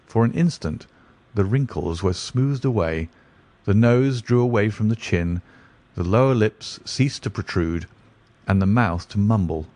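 A man narrating a classic detective story in a steady, even reading voice. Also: on the low side, a little slow, dry recording.

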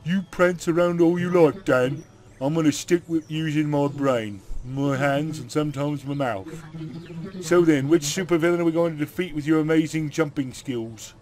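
A man's voice: on the high side, normal speed, darkish tone, natural voice. A man voicing a grumpy, old-fashioned man who scorns platforming, in a mixed British and New York accent with dry, sardonic delivery. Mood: grumbling. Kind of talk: game dialogue read aloud.

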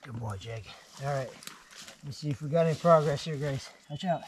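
A man vlogging while shed hunting in the woods, talking warmly to his dogs with excited praise and laughter. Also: fairly high pitch, normal speed, background noise. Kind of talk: casual outdoor vlog talk to dogs. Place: woods outdoors.

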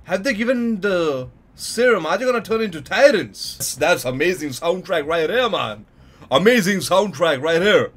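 A man hosting an anime reaction video, commenting live in an excitable way and tossing in "yo" and "man" a lot. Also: high-pitched, normal speed. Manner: excitable, repeats "yo" and "man", bursts into laughs and shouts. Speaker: anime reaction channel host.

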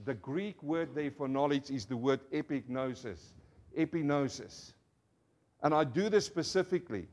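A male pastor preaching an emphatic sermon in a voice that sits a little high for a man. He leads the congregation in call-and-response and keeps asking rhetorical questions as he explains the meaning of words. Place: church service before a congregation.

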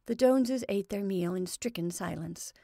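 A woman reading a classic short story aloud in measured, even narration. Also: mid-range voice, gravelly, no room sound, studio quality.

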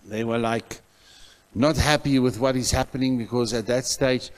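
This South African man is a pastor delivering a sermon in church, narrating a story where booming outbursts give way to soft asides. His voice is mid-range, with fairly even intonation and a moderate pace.

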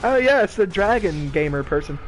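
A young man streaming a game, talking casually with loud, profane, laughing trash talk. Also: high-pitched, lively intonation, a little fast, a little hiss or hum. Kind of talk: casual gaming stream commentary.

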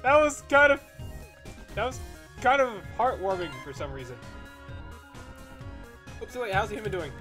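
A gamer giving excitable, jokey commentary while playing. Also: medium pitch, moderate pace, long pauses, soft background music. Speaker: let's play gamer. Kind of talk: gameplay commentary.

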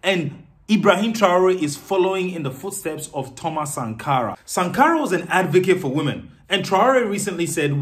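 A man giving animated, sarcastic political commentary as a vlogger. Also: high voice, normal speed, slight background noise.

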